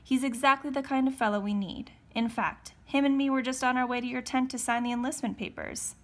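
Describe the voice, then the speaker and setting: A woman reading aloud, voicing an eager, talkative young male soldier who hollers when excited. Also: sits high, brisk, voice pushed up.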